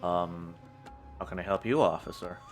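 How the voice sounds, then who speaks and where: Man playing old replicant butterfly seller, evasive, low voice, tabletop game. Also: moderate pace, soft background music, close to an everyday voice. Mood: wary.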